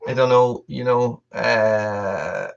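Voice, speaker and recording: A man's voice: mid-range voice, fairly even intonation, slow, creaky, clean tone. Rambling man on a lo-fi live stream. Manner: rambling, many restarts, talks to his dog. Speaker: livestream host. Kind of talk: casual live chat with viewers.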